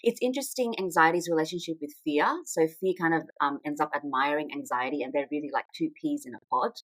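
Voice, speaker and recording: A woman's voice: sits low, fast talker, fairly bright tone, dry recording, low-quality recording. A woman hosting a podcast, asking curious follow-up questions. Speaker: podcast host. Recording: dry podcast audio.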